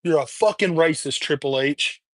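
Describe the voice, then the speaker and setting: A man with a slightly high voice rants into his streaming mic, swearing constantly and hammering the same points over and over. The sound is close and dry, with no room around it. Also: normal speed, fairly bright tone, no echo. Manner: heated, profane, repetitive ranting. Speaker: livestream host. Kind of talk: angry rant on a livestream. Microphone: webcam or streaming mic.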